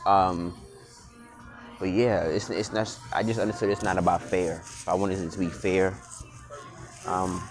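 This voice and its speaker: Low-voiced guy vlogging, blunt and cussing, stumbles and restarts a lot, music going behind. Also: little pitch movement, measured pace, long pauses. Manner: blunt, profane slang, frequent restarts and repeated words. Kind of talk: casual unscripted monologue.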